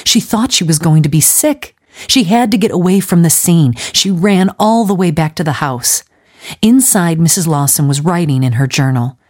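Female audiobook narrator, lower register, measured and dramatic. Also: lively intonation, a little mellow. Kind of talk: storybook narration.

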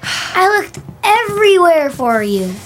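A woman's voice: very high voice, big pitch swings, takes it slowly, heavily acted. A woman playing a blunt, matter-of-fact little boy in a radio drama. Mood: eager.

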